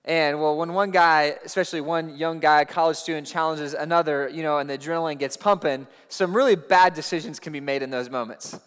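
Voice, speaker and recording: A man preaching a sermon, telling a personal story in an animated way that rises loud at the tense moments. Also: on the high side, fairly quick, hardly any pauses, clean tone. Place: church auditorium. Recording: long hall reverb.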